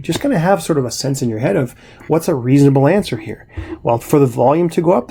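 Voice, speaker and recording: Gravelly-voiced man teaching chemistry. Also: on the high side. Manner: relaxed, conversational explaining with frequent "right?" and "all right". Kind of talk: recorded classroom lecture.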